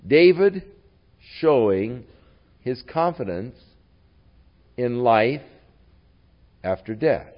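A man preaching a sermon in a slow, deliberate way, his voice rising and falling widely in pitch and loudness. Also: lively intonation, highs cut off.

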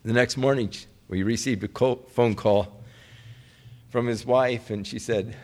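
A man preaching a sermon through a personal story, moving between hushed, low passages and raised, heartfelt ones. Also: fairly even intonation, unhurried.

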